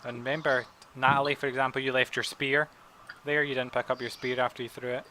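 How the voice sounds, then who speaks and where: A man's voice: medium pitch, little pitch movement, quick pace, sharp tone, slight background noise, rough recording. A man running a tabletop game, narrating casually with lots of restarts and hesitations. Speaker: game master. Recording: room with people chatting.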